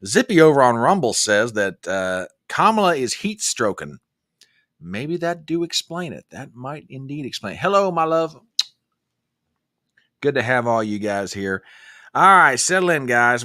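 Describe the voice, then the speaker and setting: In a clean, dry studio recording, a male livestream host speaks at medium pitch and normal speed. Folksy and lively, he chats casually and reads viewer comments aloud.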